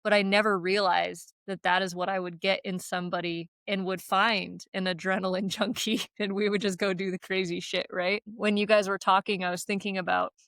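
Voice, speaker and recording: A woman's voice: mid-range voice, level tone, fairly quick, hardly any pauses, a bit bright, no room sound. Blunt, swearing woman in casual chat. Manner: blunt and profane, storytelling with frequent laughs; emphatic, talks in run-on bursts with fillers like "like" and "right?". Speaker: podcast co-host.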